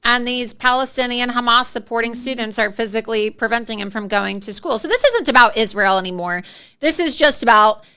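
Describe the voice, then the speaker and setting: A woman's voice: fairly high pitch, bright, forceful tone, smooth. A woman hosting a political talk show, outraged and incredulous as she talks with a guest. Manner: outraged, quick asides, laughs in disbelief. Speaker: host.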